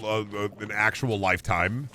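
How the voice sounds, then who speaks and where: A man's voice: lowish voice, unhurried, heavy background noise. A young adult man chatting casually on a gaming livestream, rambling and joking with lots of swearing. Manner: rambling, profane, jokey. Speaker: gaming streamer.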